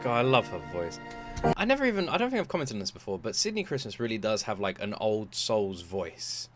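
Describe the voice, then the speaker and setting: A man's voice: fairly low pitch, very animated, fairly quick, over loud music. A young British man hosting a reaction video, gushing and exclamatory, often breaking into laughter. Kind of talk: casual reaction commentary.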